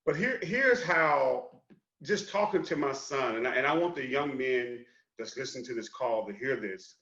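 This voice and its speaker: A man on a discussion panel gives animated, casual talk and keeps tossing in "man". His voice sounds bright and sharp. It echoes around the room, and the sound is a bit dull. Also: medium pitch, moderate pace. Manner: animated, dropping in "man" often.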